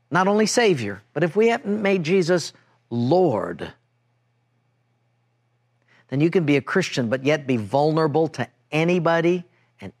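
A middle-aged man preaching a sermon, telling a personal story with lively acted-out dialogue. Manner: animated storytelling, acting out quoted voices with big pitch jumps. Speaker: pastor.

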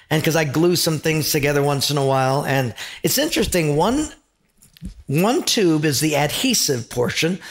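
Gravelly-voiced male preacher, conversational. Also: a little high. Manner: conversational, emphatic, with frequent rhetorical questions. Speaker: pastor. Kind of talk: sermon.

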